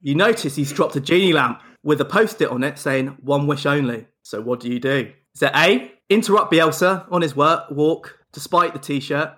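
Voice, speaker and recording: A young man runs a casual podcast quiz with a playful, teasing manner. His voice sits a little high for a man. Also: a bit bright. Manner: playful, laughing, banter-heavy. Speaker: podcast host, quizmaster.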